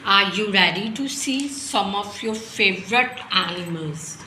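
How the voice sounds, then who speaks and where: A woman's voice: mid-range voice, lively intonation, a little slow, sharp tone. A woman teaching animals to small children, in simple sentences with lots of questions. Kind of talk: kids' lesson, talking to toddlers. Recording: echoey room with faint noise.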